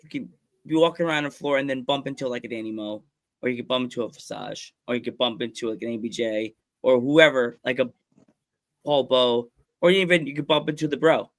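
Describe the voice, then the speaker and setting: A man hosting a podcast in a mid-range voice. He puts his questions to his guests haltingly, with many fillers along the way. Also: medium pitch. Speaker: podcast host. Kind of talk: casual podcast interview.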